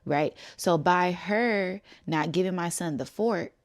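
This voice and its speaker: A woman's voice: fairly low pitch, slow pace. A woman casually telling a story to her viewers, acting out the dialogue and laughing often. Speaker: spiritual channel host.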